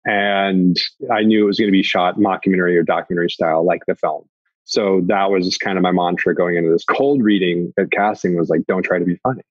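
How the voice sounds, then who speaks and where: Husky low-voiced man telling stories. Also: no room sound, dull audio. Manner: lively storyteller, breaks into quick impressions. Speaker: actor guest. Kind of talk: animated anecdote telling.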